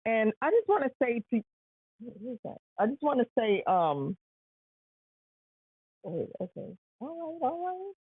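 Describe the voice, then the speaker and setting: A woman's voice: fairly high pitch, very animated, a little slow, pauses often, breathy edge, no echo. A woman hosting a live stream, giving an earnest motivational talk and repeating rhetorical questions. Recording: tinny phone-like sound.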